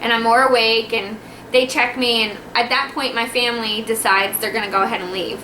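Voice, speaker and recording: A woman telling a personal story to camera at home in a chatty, animated way, acting out the dialogue. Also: on the high side, fairly quick, slight background noise. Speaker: vlogger telling her birth story. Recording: echoey room, faint ambience.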